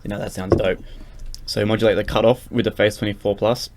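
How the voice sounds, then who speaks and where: A young man with a lowish, fairly monotone voice walks through a synth tutorial in a loose, rambling way, full of ums and restarts. Loud electronic music plays behind him. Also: brisk. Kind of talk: casual screen-recorded tutorial. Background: loud synth music and keyboard typing.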